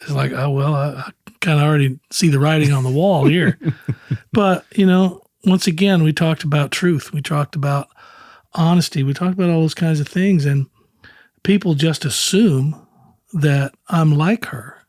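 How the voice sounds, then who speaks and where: At a moderate pace, a man in his sixties, a country singer guesting on an interview, relaxes into rambling stories, voicing other people's words and chuckling. His voice sits a little high for a man. The audio is dry and close, with no room sound.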